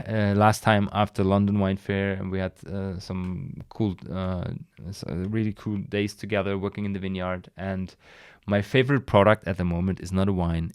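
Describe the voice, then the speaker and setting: Low-voiced man chatting enthusiastically. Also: clear, resonant tone, no room sound, clean studio sound. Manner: enthusiastic, rambling, frequent restarts and sighs. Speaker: podcast host. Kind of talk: casual solo wine podcast.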